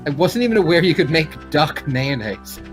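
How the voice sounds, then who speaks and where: A man co-hosting a casual gameplay chat, animated and quick to swear, with sudden jumps in pitch when excited. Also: faint music behind. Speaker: gaming co-host.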